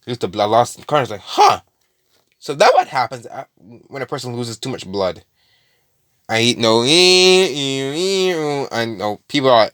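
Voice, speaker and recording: A man's voice: medium pitch, fairly bright tone, dry recording, studio quality. A man casually retelling a fan story, rambling with lots of fillers, restarts and swearing.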